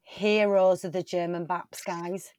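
A woman's voice: on the low side, flat delivery, a little slow, darkish tone, no room sound, studio quality, voice pushed down, lightly acted. A woman improvising a bossy veteran baker who confidently makes up facts and swears. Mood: cocky. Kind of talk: improv comedy scene.

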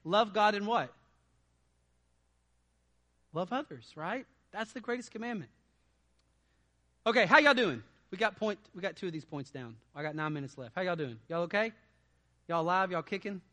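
A male pastor preaching a sermon, asking his congregation lively rhetorical questions. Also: high-pitched, moderate pace, pauses often.

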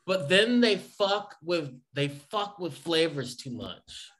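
Animated swearing man, casual chat. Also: fairly high pitch, slow pace. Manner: swearing, animated, laughs often. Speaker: podcast co-host. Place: home, remote video call.

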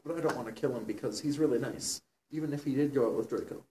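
A man's voice: medium pitch, fast talker, warm tone. A young man reads aloud with mock seriousness and stops now and then to comment. His voice sounds a little far from the mic in a roomy, echoing space. A faint hiss sits underneath. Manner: mock-serious, breaking into laughter and asides. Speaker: reader of a fan story. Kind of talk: comedic dramatic reading.

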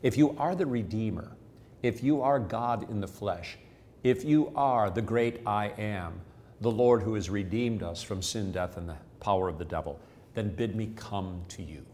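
A man's voice: lowish voice, normal speed, darkish tone, a little hiss or hum. A man hosting a devotional podcast, explaining a Bible passage in an earnest, explanatory way and repeating key phrases. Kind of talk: scripture teaching.

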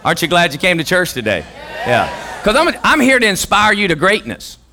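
Male pastor, high voice, sharp bright tone, energetic joking sermon, call-and-response. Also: a little fast, slight background noise. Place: church sanctuary.

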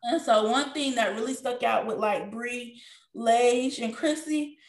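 High-voiced woman in an echoey room. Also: unhurried. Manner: candid, emotional storytelling with frequent profanity. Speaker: podcast co-host. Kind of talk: casual chat.

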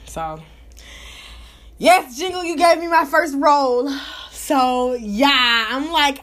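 A woman hosting her own live talk show, chatting casually in an animated, profane, gossipy way. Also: high-pitched, slow, long pauses. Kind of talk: casual chat.

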